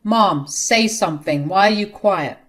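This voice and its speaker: A woman's voice: mid-range voice, a little slow, natural voice. A woman voicing an exasperated grown son scolding his mother. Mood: angry. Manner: angry, scolding.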